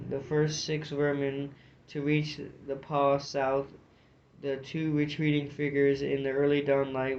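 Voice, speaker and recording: A man's voice: mid-range voice, a little hiss or hum. A man reading a fantasy storybook aloud, narrating with occasional slips and restarts. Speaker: audiobook reader. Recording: dull lo-fi recording.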